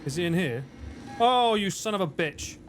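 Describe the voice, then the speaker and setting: A high-voiced man talks at normal speed to his live-stream audience while he games, with soft music behind him. He's jokey and animated, cursing freely.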